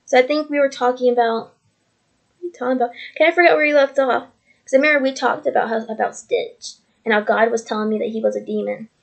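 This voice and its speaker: A casual faith testimony vlog comes from a woman at home on her computer, captured with the computer mic. She talks fast in a steady tone, her slightly high voice carrying vocal fry, and she rambles earnestly and repeats herself.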